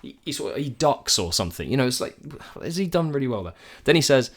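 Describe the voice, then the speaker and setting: A man co-hosting a football podcast, ranting with animated energy. He explains tactics step by step like a teacher. His voice sits at an ordinary middle pitch. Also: fast talker, hardly any pauses. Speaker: podcast co-host. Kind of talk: casual football podcast chat.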